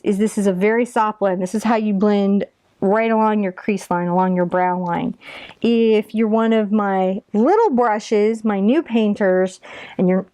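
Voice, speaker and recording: Teaching a painting class live, a woman in her forties talks through every brush stroke in a chatty, encouraging way. Her voice is medium in pitch and a little mellow, heard on a dry recording.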